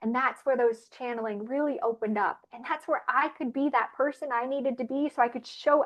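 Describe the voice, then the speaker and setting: Woman, high voice, earnest animated testimony, dull lo-fi recording. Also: brisk, few pauses. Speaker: regular panelist. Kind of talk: personal spiritual testimony. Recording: muffled lo-fi audio.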